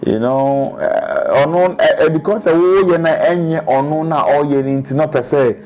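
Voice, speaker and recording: A man's voice: on the high side, normal speed, darkish tone. A man from Ghana with a Ghanaian accent, talking casually as an interview guest in Dubai and switching between English and Twi with lots of restarts.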